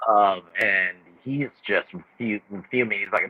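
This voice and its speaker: A man's voice: fairly low pitch, narrow, tinny audio. A man co-hosting a movie review chat, mostly adding short confirmations and extra details. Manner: short agreeing replies and quick add-ons. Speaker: podcast co-host reviewing a film. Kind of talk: casual chat.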